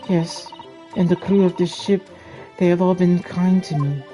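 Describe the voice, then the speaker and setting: A man voicing a timid young female runaway ballerina, speaking softly and earnestly while reading game dialogue aloud. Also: high-pitched, steady tone, unhurried, soft background music, voice pushed up. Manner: soft, earnest, apologetic pleading.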